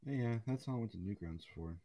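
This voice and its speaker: A man's voice: lowish voice, expressive, brisk, warm tone, dry recording. A young man co-hosting a podcast in laid-back casual chat, swearing casually and laughing often. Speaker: podcast co-host.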